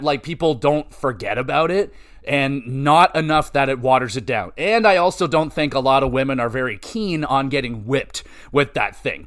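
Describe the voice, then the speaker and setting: A man hosting a podcast, giving a casual solo wrestling review, profane, rambling and excitable. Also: medium pitch. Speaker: podcast host.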